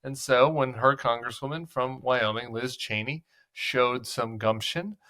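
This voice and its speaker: Male political commentary host, bright voice, sarcastic and conversational. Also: mid-range voice, measured pace.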